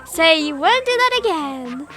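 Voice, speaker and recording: A woman's voice: very high voice, big pitch swings, unhurried, pushed and bright, soft background music, full character voice. A woman doing a sing-song sadistic girl host. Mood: gleeful. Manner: sing-song, mocking, coldly sweet. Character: cheerful sadistic girl hosting a show. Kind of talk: reading game dialogue aloud.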